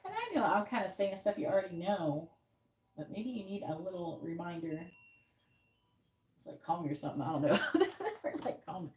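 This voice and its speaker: A woman's voice: fairly low pitch, big pitch swings, moderate pace, a little mellow, a little hiss or hum. A woman giving frank, swear-laden advice as a psychic tarot reader on a live stream, coaching the client on what to say.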